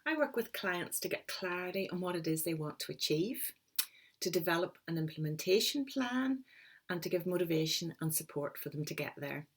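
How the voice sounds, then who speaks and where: A middle-aged woman, giving a calm, encouraging motivational talk as a coach. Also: fairly low pitch, moderate pace, breathy edge. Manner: calm, encouraging, explains step by step.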